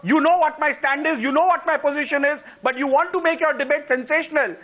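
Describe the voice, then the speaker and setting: A man's voice: very high voice, steady tone, fast talker, phone-quality sound. A man with an Indian English accent, a politician guest in a heated debate, indignant and stammering as he interrupts.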